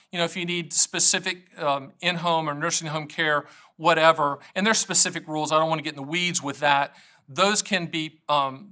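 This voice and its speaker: A middle-aged man, an annuity agent, talking straight to camera in an energetic, joking way that wanders off on tangents. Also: sits high. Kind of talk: casual direct-to-camera talk.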